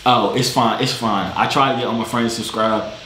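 A man chatting with strangers on a video chat, loud, joking and slangy, in a gaming room. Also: on the low side, fairly even intonation, a little fast. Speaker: vlogger chatting with strangers online. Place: gaming room with sound panels. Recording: echoey room, faint background noise.

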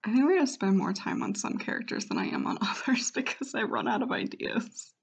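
A woman's voice: on the high side, huge pitch swings, a little fast, gravelly, breathy edge. A woman chatting casually and self-deprecatingly, rambling between attempts at character voices. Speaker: voice hobbyist. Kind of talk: casual vlog commentary.

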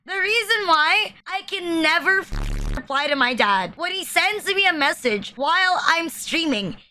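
A woman streamer with a very high, bright, sharp voice, talking through a casual reaction stream. She is blunt, swears freely and makes jokes at her own expense. A faint hiss of noise sits under her voice. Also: lively intonation, a little slow. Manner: blunt, swears often, self-deprecating jokes. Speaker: VTuber streamer reacting to memes.

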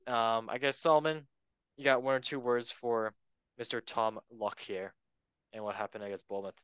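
A man's voice: mid-range voice, fairly even intonation, moderate pace, fairly bright tone, clear, resonant tone, dry recording, low-quality recording. A man hosting a casual football podcast, chatty and loose, handing the word to his co-hosts. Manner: chatty, loose, many fillers and asides. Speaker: podcast host. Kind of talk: casual chat.

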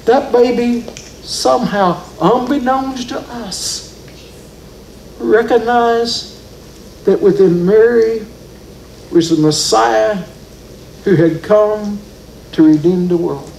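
A man's voice: high-pitched, slow pace, vocal fry, long pauses, darkish tone, a little hiss or hum. A man preaching a sermon in a church, telling the story with rising and falling emphasis. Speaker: pastor. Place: church sanctuary. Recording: roomy church echo.

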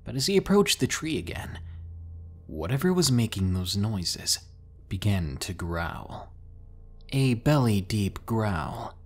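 A man narrating scary stories in a dramatic, drawn-out way, pausing for suspense. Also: lowish voice, very animated. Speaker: horror story narrator. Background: faint music.

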